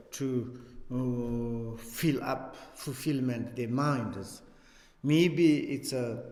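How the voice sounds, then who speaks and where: Slow-speaking teacher in an echoey hall. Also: male voice, mid-range voice, darkish tone. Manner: halting non-native English, chuckles often, recites text in Tibetan. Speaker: Buddhist teacher. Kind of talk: Dharma teaching with chanted recitation. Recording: echoey hall with long reverb.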